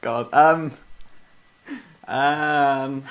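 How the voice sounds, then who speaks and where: A young man co-hosting a casual podcast chat, playful and quick to laugh. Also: mid-range voice, fairly bright tone, dull audio. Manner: giggly, playful banter. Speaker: podcast co-host.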